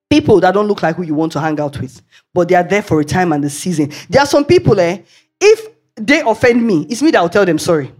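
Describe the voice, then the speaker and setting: A woman with a Nigerian accent preaching a sermon, telling chatty anecdotes and laughing along the way. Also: fairly high pitch. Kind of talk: storytelling sermon.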